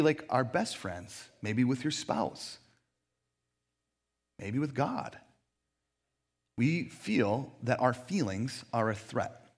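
A man preaching a sermon as a pastor in a church, talking in a casual, conversational way with frequent fillers. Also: mid-range voice.

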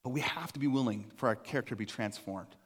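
A man's voice: medium pitch, quick pace, breathy edge. A middle-aged man, a pastor, preaching a casual sermon in a conversational, joking way, acting out little quoted voices.

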